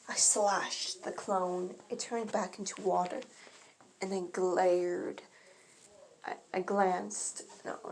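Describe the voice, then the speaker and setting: A woman reads her own first-person fan story in a slow, unhurried way. She keeps stumbling over words and correcting herself as she goes. Her pitch sits in an ordinary middle range, with a faint hiss of noise behind her. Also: a little mellow. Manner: halting, often stumbles and corrects herself mid-sentence.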